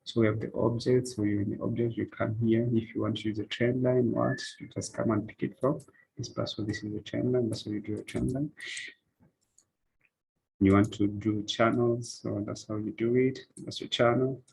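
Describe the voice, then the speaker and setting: A man's voice: on the low side, level tone, normal speed, vocal fry, darkish tone, breathy edge, rough recording. A man explaining a trading platform step by step in a screen-recorded tutorial, with repetitive phrasing and "eh" fillers. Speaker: forex trading instructor.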